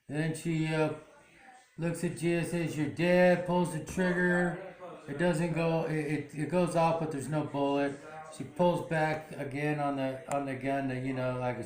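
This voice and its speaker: Retelling a drama episode on his own channel, this man wanders through the plot, stumbling into restarts and filler words. His voice leans high with a darkish tone, set in a reverberant space.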